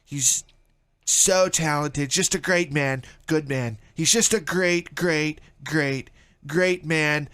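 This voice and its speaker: A boastful older male politician heaps praise in slow, repeated superlatives, as a talk show host puts him on. The voice sits high for a man, and the delivery is emphatic and full of itself. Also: bright, forceful tone, clean tone.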